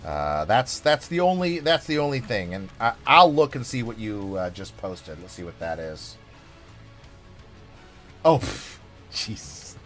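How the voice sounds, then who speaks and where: A man's voice: lowish voice, very animated, a little slow, a bit bright, faint music behind. A man streaming a game, chatting casually in a rambling, playful, over-the-top way full of fillers. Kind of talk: casual live-stream chat.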